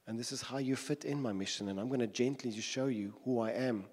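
A patient and gentle Jesus, voiced by a preacher in the middle of his sermon, speaks slowly and softly, inviting his listeners in. The words carry a long reverb from a large hall. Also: medium pitch, husky, lightly acted. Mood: gentle, reassuring.

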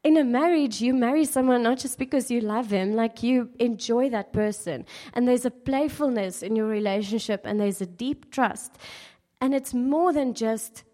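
A woman's voice: fairly high pitch, moderate pace, dark tone. Chatty, playful woman giving a sermon. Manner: chatty and playful, laughs at her own jokes, lots of "like" and "um". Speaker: speaker at a church gathering. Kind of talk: informal sermon talk.

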